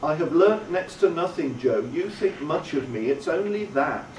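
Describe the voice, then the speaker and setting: A man's voice: a little high, lively intonation, moderate pace, a little hiss or hum, close to an everyday voice. A man reading an ashamed, hesitant boy. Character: young boy, ashamed and miserable. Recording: roomy, distant, faint ambience.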